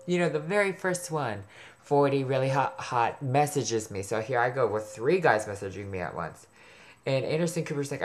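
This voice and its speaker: Male vlogger, chatty and sarcastic, gossips and swears as he rambles on. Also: medium pitch. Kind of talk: rambling personal storytelling to camera.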